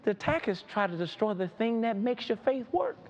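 High-voiced, lively preacher man. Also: brisk, lo-fi sound, slight background noise. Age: adult. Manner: emphatic and repetitive, building to shouts. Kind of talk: sermon.

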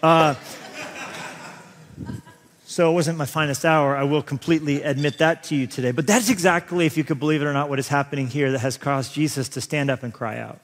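A man in his thirties preaching a sermon, telling personal stories in an animated, humorous, self-deprecating way. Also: fairly high pitch, brisk. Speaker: pastor. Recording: long reverb of a large hall.

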